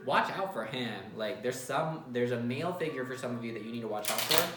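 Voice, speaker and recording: A man's voice: mid-range voice, fast. A man giving a casual tarot reading, talking bluntly and emphatically with some swearing. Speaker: tarot reader. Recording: roomy echo with faint music.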